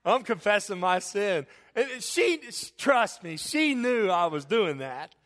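High-voiced folksy preacher. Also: male voice, very animated, slow pace, a bit bright. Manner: folksy, earnest preaching with repetitions and asides. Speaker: pastor. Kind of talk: sermon.

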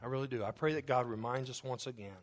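A pastor preaches fervently at a quick pace from a church sanctuary, his voice at a typical mid pitch. Repeated phrases in a steady rhythm hammer each point home.

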